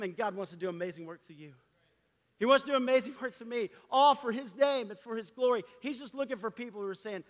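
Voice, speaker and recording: A man preaching a sermon to a gathering of men, impassioned, dropping to a hush and rising again. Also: extremely high pitch, fast. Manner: impassioned preaching, swinging between loud and hushed. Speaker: pastor. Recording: long hall reverb.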